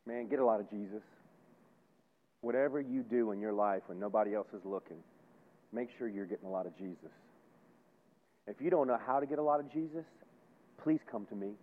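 A man preaching a sermon as pastor, folksy and emphatic, repeating phrases and swinging between loud and hushed. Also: fairly low pitch, fairly quick, pauses often. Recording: tinny phone-like sound.

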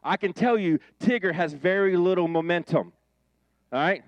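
A man's voice: high-pitched, moderate pace, no room sound, highs cut off. A man preaching a casual, jokey sermon, acting out the voices of biblical figures as he goes. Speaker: pastor.

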